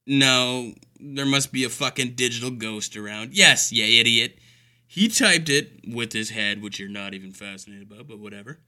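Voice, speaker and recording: A man's voice: mid-range voice, moderate pace, pushed and bright. A man delivering an exasperated, profane comedic rant full of sarcasm. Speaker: caregiver telling stories.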